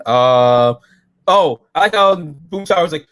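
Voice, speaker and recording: Man, casual episode review, profane, excitable, lively swooping pitch. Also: measured pace. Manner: profane, excitable, jumps into silly quoted voices.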